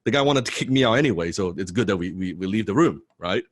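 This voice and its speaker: Excitable man with a low voice. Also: quick pace, no room sound, clean studio sound. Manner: excitable, repeats words often, swears for emphasis. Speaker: business coach telling a personal story. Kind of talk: animated storytelling talk.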